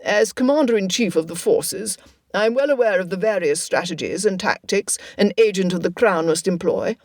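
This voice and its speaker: A woman's voice: medium pitch, lively intonation, moderate pace, no room sound. A woman voicing a stately older royal man, formal and authoritative, in an audiobook.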